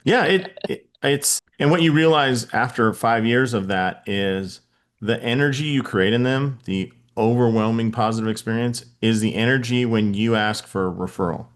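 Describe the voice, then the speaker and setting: A man's voice: mid-range voice, normal speed. A man hosting a podcast interview, talking casually with lots of fillers and throwing out hypotheticals. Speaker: podcast host. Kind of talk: conversational interview.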